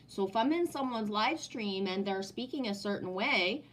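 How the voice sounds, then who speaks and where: A woman's voice: mid-range voice, animated, moderate pace, a bit bright. A woman talking casually on a home live stream, answering chat in a blunt, profane way and often asking "right?". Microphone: no headset, sound heard in the room.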